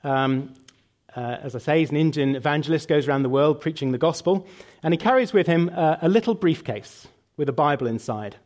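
A man's voice: a little high, expressive, fairly quick, a little mellow. A man preaching a sermon and leading a prayer, emphatic and building through lists, later answering questions with some fillers.

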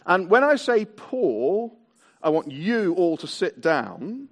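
A man preaching a Christmas sermon to a mixed-age congregation in a church hall, stretching out key words for emphasis. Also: high voice. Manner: animated, drawn-out emphasis on key words, leads the congregation in actions. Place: church hall with tiered seating.

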